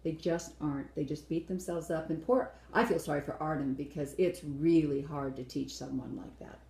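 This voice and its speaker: A woman's voice: sits low, moderate pace, mellow, reverberant, poor audio. A woman co-hosting a casual dance-show review, blunt and opinionated, acting out quotes as she talks.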